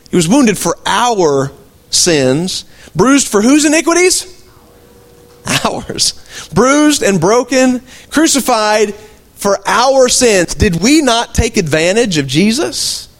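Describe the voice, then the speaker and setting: A male pastor delivers a sermon, his fairly high voice swinging widely in pitch. He talks to the congregation conversationally, tossing out rhetorical questions and folksy, teasing asides.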